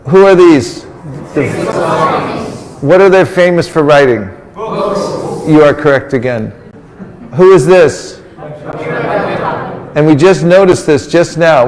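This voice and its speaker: In the long reverb of a large hall, a religious teacher with a high-leaning, darkish voice gives an interactive sermon. He teases the group and coaxes them into answering back in call-and-response.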